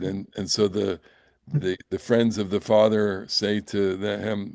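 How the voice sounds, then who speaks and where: Older man teaching Torah, low, dry. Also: level tone, gravelly, a little mellow, no room sound. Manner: halting, full of fillers and restarts; reads Hebrew verses slowly, then translates. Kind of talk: Bible class lecture with Hebrew reading.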